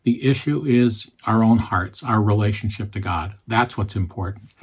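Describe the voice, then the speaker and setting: A man's voice: fairly low pitch, husky. A man giving an earnest storytelling sermon, plainly retelling his conversations. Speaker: Christian speaker.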